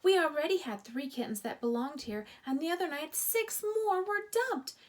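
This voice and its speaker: A woman voicing a grumpy male watchdog who complains and barks orders loudly. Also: high voice, expressive, moderate pace, pitched above the performer's own voice. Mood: grumbling.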